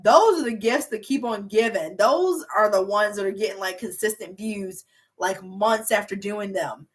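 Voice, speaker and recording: A young woman who makes beauty and hair videos on YouTube chats casually on a livestream, reading out viewer comments. She's bubbly and rambling, with plenty of filler words. Her voice is husky and mid-range, at a normal speed.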